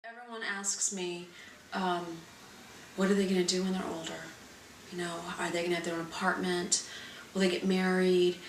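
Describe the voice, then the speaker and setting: A woman's voice: lowish voice, level tone. Frank, resigned woman, distant roomy sound. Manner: frank, measured, quietly resigned. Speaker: mother of two sons with special needs. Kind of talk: candid interview talk. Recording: roomy sound from a distant mic, faint noise.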